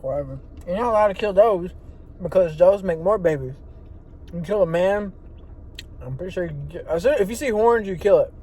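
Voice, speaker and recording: A man's voice: fairly high pitch, warm tone, a little hiss or hum. A man vlogging in a rambling, profane way while eating in a car parked in an empty lot. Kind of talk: casual rambling monologue.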